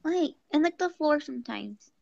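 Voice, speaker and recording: A woman with a high voice talks casually on a group stream. The sound is dry and close. She restarts her sentences with repeated words before she gets going. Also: lively intonation, vocal fry, a little mellow, no room sound, lo-fi sound. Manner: repeats herself, halting start to sentences. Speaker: livestream participant.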